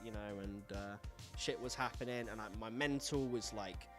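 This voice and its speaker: A man's voice: lowish voice, normal speed, music in the background. A man talking casually and frankly as host, swearing often and rambling through stories with lots of fillers. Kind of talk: casual solo chat, rambling storytelling.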